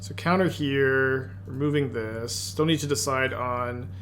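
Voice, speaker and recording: Brief: man at mid pitch, thinking out loud through an online card game, musing and self-correcting. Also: steady tone, unhurried, a little hiss or hum. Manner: musing, self-correcting, half-muttered asides. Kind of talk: thinking aloud while playing.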